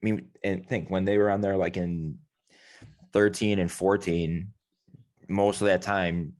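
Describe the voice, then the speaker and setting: Very low-voiced man hosting a sports podcast. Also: steady tone, a little slow, a little mellow. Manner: rambling, loose and profane, self-correcting. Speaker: podcast host. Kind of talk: casual sports chat.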